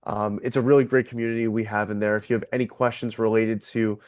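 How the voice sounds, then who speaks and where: A man co-hosting a golf betting podcast, talking casually and relaxed with fillers. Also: lowish voice, fast talker, clear, resonant tone, no room sound, studio quality. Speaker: podcast co-host.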